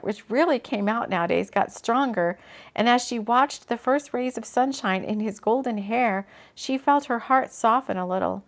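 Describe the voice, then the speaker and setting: A woman, an author, reading her own book aloud in a relaxed way, breaking off for casual asides. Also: medium pitch, moderate pace, creaky. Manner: chatty, laughs at her own slips and comments mid-reading.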